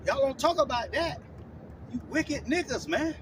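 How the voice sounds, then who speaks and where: A man's voice: extremely high pitch, expressive, measured pace. A man preaching bluntly and profanely, tagging nearly every phrase with "man" or "all right?". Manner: scolding, blunt, profane street talk. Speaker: street preacher teaching scripture. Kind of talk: confrontational online sermon. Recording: distant mic with clear outdoor traffic noise.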